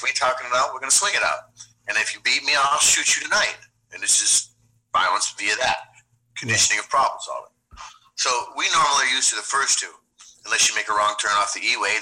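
A man's voice: mid-range voice, bright, forceful tone, low-quality recording. A man talking as a self-defense instructor in a casual interview, blunt, streetwise and profane.

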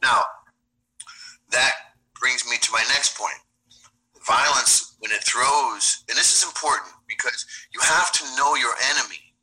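A man with a very bright, forceful voice talks through self-defense in a casual interview. His delivery is blunt and streetwise, full of slang and profanity, in a middle-pitched tone. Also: measured pace, rough recording. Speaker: podcast guest, self-defense instructor.

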